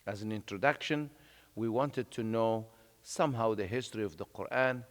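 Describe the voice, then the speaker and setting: A man giving a religious lecture, explaining in a conversational way with frequent pauses and fillers. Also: lowish voice. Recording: long reverb of a hall.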